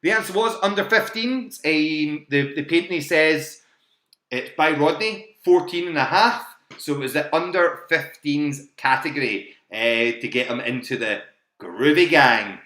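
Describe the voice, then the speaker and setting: Quiz host, male, bright forceful voice a touch high, chatty and quick to laugh, recorded in an echoey room at home. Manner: chatty, repeats questions and options, laughs often. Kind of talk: live-streamed pub quiz hosting.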